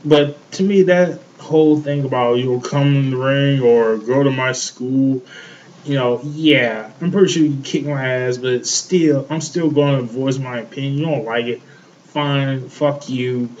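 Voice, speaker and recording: A man's voice: mid-range voice, steady tone, a little slow, darkish tone, highs cut off, a little hiss or hum. A man co-hosting a show, ranting in heated casual chat, swearing often and repeating himself. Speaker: podcast co-host.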